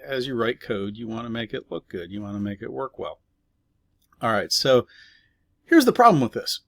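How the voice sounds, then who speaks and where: Relaxed man explaining code, dry sound. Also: mid-range voice, dry recording. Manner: relaxed explaining with fillers and asides. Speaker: programming teacher. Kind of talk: casual screen-recorded coding lesson.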